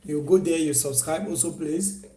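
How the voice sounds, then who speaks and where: A man's voice: a little high, normal speed, heavy background noise. A man hosting a casual live stream, coaching viewers on online selling in a repetitive, persuasive way. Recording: echoey room.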